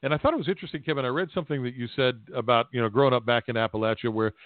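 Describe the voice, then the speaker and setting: A man's voice: medium pitch, steady tone, rapid-fire, dry recording. Man hosting a podcast on a phone-like line. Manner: long, rambling questions. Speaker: podcast host. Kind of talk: podcast interview. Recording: tinny phone-like audio.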